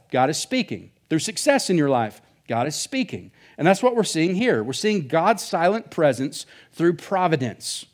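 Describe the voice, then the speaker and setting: A male pastor preaching a sermon in a casual, joking way, full of asides. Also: high-pitched. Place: church.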